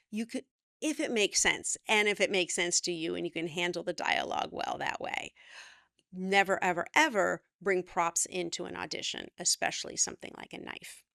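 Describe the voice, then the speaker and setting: A middle-aged woman coaching actors straight to camera, punchy and encouraging, with her pitch springing up whenever she acts out an actor's lines. Her voice sits in a middling register and is recorded close in a dry, dead space. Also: no room sound. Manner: energetic, emphatic, animated with pitch jumps when quoting. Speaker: acting coach. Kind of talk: direct-to-camera acting advice.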